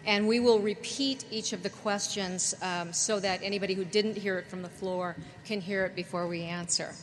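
A woman's voice: medium pitch, steady tone, moderate pace. A woman moderating a panel discussion, talking energetically and chattily. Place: conference hall with audience. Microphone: handheld microphone. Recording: reverberant hall, faint noise.

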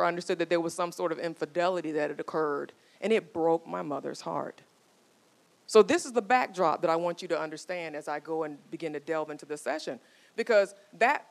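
A woman in her forties giving a motivational talk, telling stories and coaxing the audience with questions. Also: mid-range voice. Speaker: marriage speaker.

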